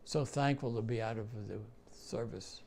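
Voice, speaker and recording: Gravelly older New York man. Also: medium pitch, darkish tone, a little hiss or hum. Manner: halting, repeats phrases, many fillers. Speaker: war veteran interviewee. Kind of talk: recounting memories in an interview.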